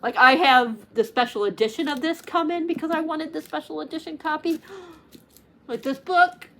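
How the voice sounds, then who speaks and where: A woman's voice: sits high, moderate pace, fairly bright tone. A woman chatting casually to camera about her favorite books, gushing and emotional, close to tears, with lots of "like" fillers. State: tearful, near crying. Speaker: book reviewer. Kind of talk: casual book chat to camera.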